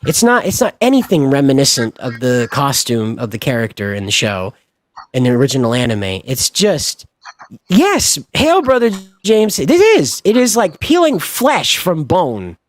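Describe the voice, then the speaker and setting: A man's voice: medium pitch, wildly swooping pitch, moderate pace, dry recording. A man hosting a livestream, ranting in a sarcastic, sweary, exasperated way. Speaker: livestream host. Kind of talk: casual ranting stream commentary.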